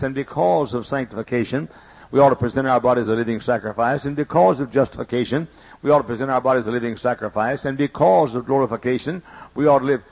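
In a mid-range, darkish voice roughened by gravelly fry, a man preaches a sermon in a folksy, storytelling style, repeating his points for emphasis. The recording is dull and lo-fi.

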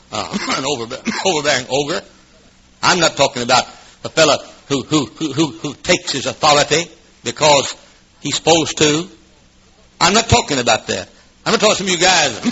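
A preacher man delivers a revival sermon in a church, booming one moment and dropping low the next. His voice sits high and sounds bright and sharp. It comes through a muffled, lo-fi old recording. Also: breathy edge. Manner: shouting, swinging from booming to hushed, with coughs.

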